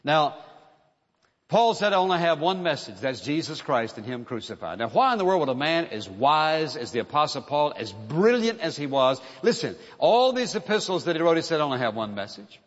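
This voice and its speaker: A man's voice: a little high, sing-song, brisk, in a large hall, muffled recording. A man preaching a sermon in an earnest, emphatic way, driving points home with repeated phrases.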